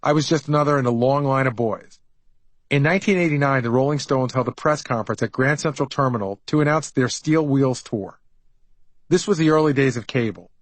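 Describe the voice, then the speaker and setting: A man's voice: mid-range voice, a little fast, no echo, poor audio. Middle-aged man, dry memoir narration. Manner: wry, conversational storytelling. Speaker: author narrating his memoir.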